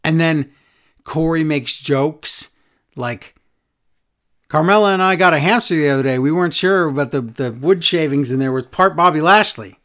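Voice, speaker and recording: A man with a slightly high voice rants his way through a casual wrestling chat, griping about wrestlers he can't stand. He breaks into mocking, sing-song repetitions to make fun of them. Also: normal speed, fairly bright tone. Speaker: podcast co-host.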